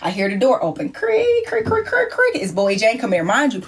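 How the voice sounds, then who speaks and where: Animated high-voiced woman telling a story. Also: fairly quick. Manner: profane, laughing, acts scenes out. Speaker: livestream host. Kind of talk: animated storytelling on a live stream.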